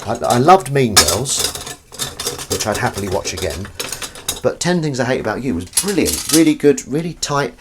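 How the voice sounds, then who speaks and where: Standing at his kitchen sink doing the dishes, a livestream host chats in a rambling, self-deprecating way and reads viewers' comments aloud. His mid-range voice is very animated and moderately paced, with background noise including clattering dishes and cutlery.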